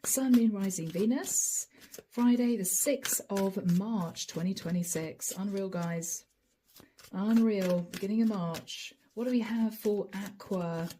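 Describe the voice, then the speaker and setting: A hoarse woman giving a channeled tarot reading, musing aloud and speaking straight to viewers by star-sign nickname. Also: medium pitch, takes it slowly, dark tone, a little hiss or hum. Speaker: tarot reader.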